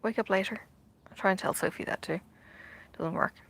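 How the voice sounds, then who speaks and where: Woman, middle-aged, gravelly voice, bright tone, casual chat while stitching, rambling, many fillers, half-whispered asides. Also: mid-range voice, brisk. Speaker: vlogger. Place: outdoors in bright sun.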